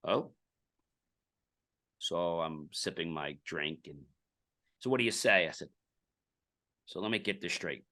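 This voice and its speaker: A man's voice: low-pitched, animated, measured pace, long pauses, sharp tone. A middle-aged man, a podcast guest, telling a business story in casual interview talk and acting out the dialogue.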